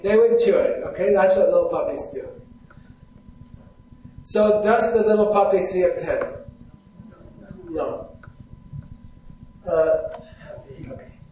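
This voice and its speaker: A man's voice: high voice, slow, pauses often, warm tone, far from the mic, a little hiss or hum. A man giving a live Buddhist teaching to an audience from a stage, often stopping to ask questions and check that they follow. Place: hall with a stage. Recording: very echoey hall.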